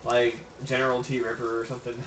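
A man hosts a stream of a city-building game, chatting casually, joking around and swearing freely in a laid-back style. His mid-range, fairly bright voice is flat and fast. The low-quality recording has a little hiss or hum.

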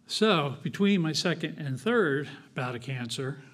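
A man giving a sermon at a church, telling his own story in a conversational, reflective way with frequent pauses and fillers. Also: fairly high pitch, lively intonation, fairly bright tone. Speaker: guest speaker. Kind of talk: personal testimony sermon.

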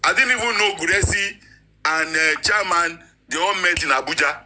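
A man's voice: on the high side, normal speed, pushed and bright, poor audio. A man, speaking as a panelist on a live debate, indignant and defensive as he insists on his account.

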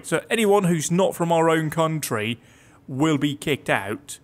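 A man's voice: fairly high pitch, expressive, a little slow. A man giving casual, joking commentary as he plays a video game at his computer. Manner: chatty and joking, talking to himself while playing. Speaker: gaming video host. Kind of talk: casual let's-play commentary.

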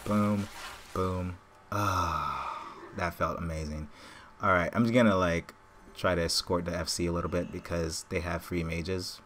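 An excitable man talks over his own gameplay in a fairly low voice, rambling and taunting the other players. He sounds like he is at a desk microphone, with a faint hiss of noise underneath. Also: a little slow. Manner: excitable, rambling trash talk at opponents. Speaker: gaming channel host. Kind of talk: live gameplay commentary.

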